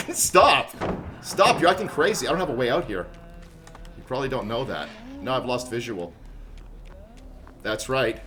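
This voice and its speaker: A man's voice: mid-range voice, fairly bright tone, a little hiss or hum. A man doing live gameplay commentary, joking and chatting with viewers in rambling asides. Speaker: game streamer.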